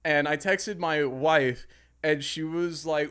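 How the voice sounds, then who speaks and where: A young man spins a story in casual podcast chat, his voice sitting a bit high for a man. He is animated and swears freely, acting out his own angry outbursts. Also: slow, clean tone. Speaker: podcast co-host.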